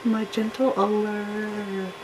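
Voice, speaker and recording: Brief: man doing a high, mocking falsetto of a gentle-voiced woman, background noise. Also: flat delivery, takes it slowly. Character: soft-spoken mock-innocent woman, sugary.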